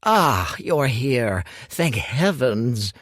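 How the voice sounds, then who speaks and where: A man's voice: mid-range voice, sing-song, takes it slowly, fairly bright tone, no echo, studio quality, voice pushed up, exaggerated voice. A man voicing a fussy, pompous male alchemist master who makes indignant, theatrical exclamations. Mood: flustered.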